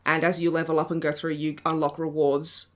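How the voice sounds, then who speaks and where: A woman's voice: sits low, level tone, brisk. A woman hosting a podcast in casual chat, sardonic and giggly, with frequent swearing. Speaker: podcast host.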